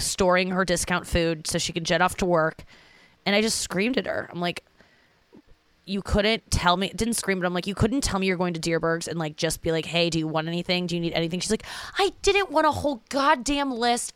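Young woman in bed, teary, rambly and self-mocking, clean smooth voice, dry close sound. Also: lowish voice, fairly bright tone, dry recording. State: tearful after crying. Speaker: vlogger. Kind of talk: confessional casual talk to camera. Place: in bed at home.

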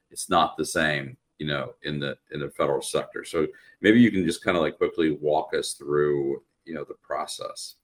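A very low-pitched man hosts a talk radio show. He speaks in a relaxed, conversational way, with plenty of fillers as he steers the discussion.

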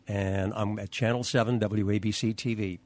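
An older American man, a veteran news anchor, telling lively stories and acting out the dialogue in an interview. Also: lowish voice, moderate pace, no echo. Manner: animated anecdotes, acts out quoted dialogue. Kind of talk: storytelling interview answers.

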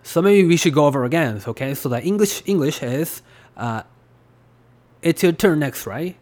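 This podcast host is a Japanese man with a Japanese accent whose fairly high, expressive voice has a somewhat dark tone. He talks at a normal speed in a loose, filler-heavy, rambling style typical of casual podcast chat.

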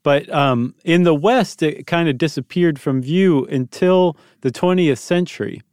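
A man co-hosting a casual podcast, telling a story in a relaxed, joking way. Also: fairly high pitch, measured pace, no echo, clean studio sound. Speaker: podcast co-host.

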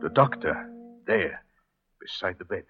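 A man playing the leading husband and narrator in a 1940s radio drama, talking in a hushed, intense, pleading way. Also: sits low, expressive, measured pace. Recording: dull 1940s radio broadcast with faint music.

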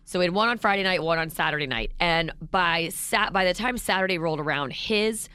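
A woman co-hosting a casual radio show, playful and quick to react. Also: on the low side, smooth, no room sound. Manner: animated, playful, reacting with laughs. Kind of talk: casual morning radio banter.

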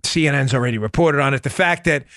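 A man's voice: medium pitch, fast, a bit bright, dry recording, clean studio sound. A man hosting a political commentary podcast, talking emphatically and combatively, often calling his listeners folks. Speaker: podcast host.

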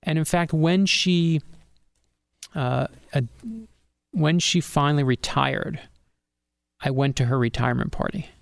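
A middle-aged man, an author being interviewed on a podcast, telling a personal story with animated energy and acting out the people he quotes. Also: on the high side, a little slow, vocal fry, pauses often, no room sound. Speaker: author guest.

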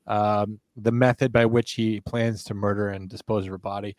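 A man's voice: on the low side, level tone, normal speed, no echo. Man musing at length with restarts. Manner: thoughtful, rambling with restarts. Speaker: podcast co-host. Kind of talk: casual true crime discussion.

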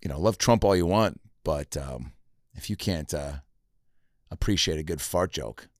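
A man's voice: very deep voice, normal speed, no echo, clean studio sound. A man hosting a casual comedy podcast, telling stories with lots of fillers like "like" and "you know". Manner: filler-heavy, animated storytelling.

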